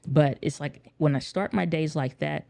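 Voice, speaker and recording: In a slightly high, gravelly voice with a dark tone, a man talks through his solo podcast at a moderate pace. He comes across as earnest and conversational, circling back on phrases for emphasis.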